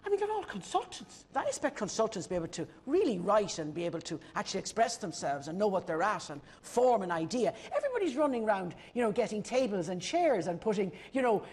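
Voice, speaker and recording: A woman's voice: medium pitch, big pitch swings, fast, few pauses, darkish tone. An Irish woman, a panel guest, talking in a forthright, emphatic way.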